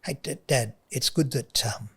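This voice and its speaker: A man voicing his shy young son, gentle and earnest, asking soft, hushed questions. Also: medium pitch, unhurried, husky. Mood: hopeful. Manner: soft, hushed and pleading, often whispered.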